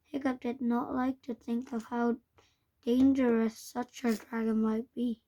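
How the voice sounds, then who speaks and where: A woman reading a children's book aloud in a halting way, stumbling and restarting words. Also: a little high, steady tone, a little mellow. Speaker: reader.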